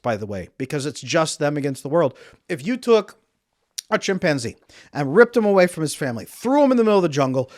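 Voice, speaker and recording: An emphatic man coaching straight to camera, with a voice sitting a bit high for a man. He hammers his points through repetition and slips into acted-out quotes. The sound is dry and close. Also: no echo. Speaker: relationship coach.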